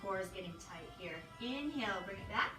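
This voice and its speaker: A woman leading a yoga class, calmly counting breaths and cueing each pose. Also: medium pitch, fairly quick, far from the mic. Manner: calm, counts breaths and cues poses. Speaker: yoga instructor. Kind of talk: guided yoga class instruction. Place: hotel room. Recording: echoey room, voice from afar, music behind.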